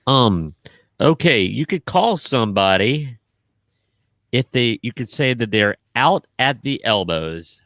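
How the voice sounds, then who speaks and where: Speaking slowly at medium pitch, a man co-hosts a laid-back podcast, spinning lively tales and breaking into frequent laughter. The studio recording is clean, without any room sound.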